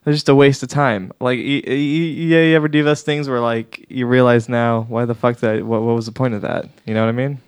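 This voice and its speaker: A man's voice: mid-range voice, steady tone, fairly quick, few pauses, clear, resonant tone, no room sound. A young man co-hosting a comedy podcast, rambling and self-deprecating with frequent laughs, on a studio mic with a pop filter. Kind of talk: casual comedic banter.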